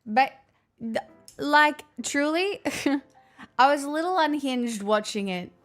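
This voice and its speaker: A young woman hosts a casual live stream from home, her voice sitting high as she teases her viewers and calls them her darlings. She takes her time, drawling out lines and dropping in a casual swear. Faint music plays underneath. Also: expressive, slow pace, fairly bright tone. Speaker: livestream host chatting with viewers.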